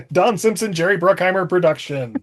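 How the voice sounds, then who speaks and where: A man's voice: sits high, expressive, normal speed. A man co-hosting a podcast, chatting about a movie in a jokey way and laughing often. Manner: jokey, laughs often, bursts into mock voices. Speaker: podcast co-host. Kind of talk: casual comedic movie chat.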